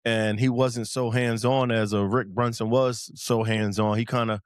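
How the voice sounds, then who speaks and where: A man's voice: mid-range voice, little pitch movement, normal speed, smooth, no room sound, clean studio sound. A man hosting a casual podcast chat, rambling and repeating words as he talks. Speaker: podcast host.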